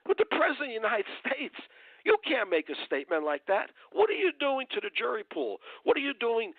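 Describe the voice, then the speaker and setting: A man's voice: very high voice, huge pitch swings, fairly quick, no echo. Angry man ranting over a phone line. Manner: angry, profane, emphatic ranting. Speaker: legal analyst guest. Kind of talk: heated political rant.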